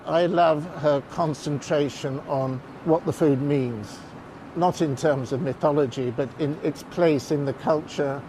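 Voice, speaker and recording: Male chef interviewee, higher voice, emphatic, recorded outdoors amid traffic. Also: measured pace. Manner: passionate, emphatic, repeats words. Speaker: chef and food writer.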